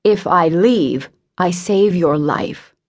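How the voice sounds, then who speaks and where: A woman narrator voices a guarded young man in an audiobook, brooding and sorrowful. He keeps his lines low, short and murmured. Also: lively intonation, a little slow, a little mellow, husky, exaggerated voice.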